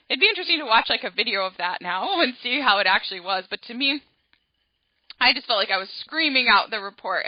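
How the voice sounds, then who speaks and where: A woman hosts an astrology podcast in a casual, rambling storytelling manner, animated and full of little asides. Her voice sits fairly high. The recording is dry with a slightly muffled, dull tone. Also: no room sound. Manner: chatty, animated, many "like" and "okay?" asides.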